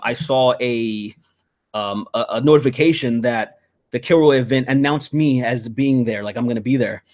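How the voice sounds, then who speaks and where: A man hosting a casual podcast chat, telling stories in an animated, profanity-laced rant. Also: medium pitch. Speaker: podcast host.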